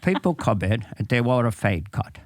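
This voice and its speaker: A man impersonating a grumpy ninety-year-old male barber, talking slowly and gruffly. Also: medium pitch, sing-song, darkish tone, no room sound, clean studio sound, pitched below the performer's own voice, close to an everyday voice. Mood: grumbling. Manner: slow, gruff, swearing.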